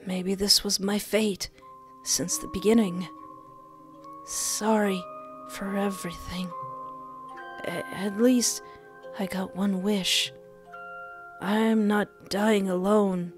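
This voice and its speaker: Brief: wounded lonely young man, voiced by a woman, breathless and pleading, slow and quiet. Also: mid-range voice, little pitch movement, soft background music, natural voice. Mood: weak, fading. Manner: soft, breathless, halting and pleading.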